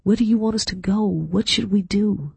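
A man reading an audiobook, voicing an anxious, grieving young girl who pleads in a soft, hushed voice. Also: sits high, monotone, unhurried, gravelly, breathy edge, no room sound, pitched above the performer's own voice, exaggerated voice.

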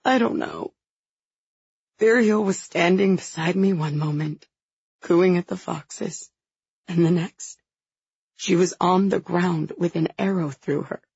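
A woman voicing a grieving young woman, hoarse and halting as she confesses through tears, in an audiobook. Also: on the low side, darkish tone, no room sound, muffled recording, exaggerated voice. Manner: halting, choked with grief. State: hoarse, tearful.

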